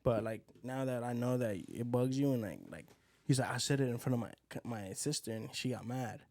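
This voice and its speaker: Fast-talking man telling stories. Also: medium pitch, a little mellow. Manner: rambling storyteller, acts out quotes. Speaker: podcast co-host. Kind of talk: casual chat.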